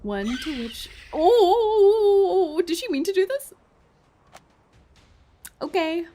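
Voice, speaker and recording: A woman's voice: very high voice, sing-song, very slow, mellow, slight background noise. A woman streaming a game playthrough. She chats playfully with her viewers, giggles often, and reads the story text aloud.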